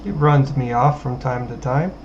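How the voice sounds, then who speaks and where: A man chatting casually with friends during a game, relaxed and quick to laugh. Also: mid-range voice, dull audio, a little hiss or hum. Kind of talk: casual chat while gaming.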